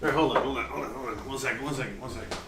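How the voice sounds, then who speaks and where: A man's voice: medium pitch, very fast, echoey room, music in the background, rough recording. A man hosting a casual live cooking demo, chatty and joking, filling his talk with "you know". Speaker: cooking show host. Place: home kitchen.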